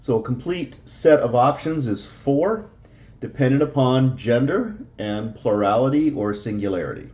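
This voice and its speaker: A man's voice: medium pitch, expressive, moderate pace, darkish tone. A man teaching a Spanish lesson, explaining patiently with frequent fillers and repeating each word. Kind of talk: slow explanatory language lesson.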